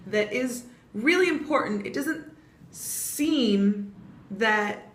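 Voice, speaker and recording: A woman's voice: fairly high pitch, lively intonation, slow pace. Chatty young American woman in an echoey room. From United States. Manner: chatty, explains with spelled-out examples. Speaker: vlogger teaching Portuguese pronunciation. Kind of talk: casual vlog lesson. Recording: echoey room with faint ambient noise.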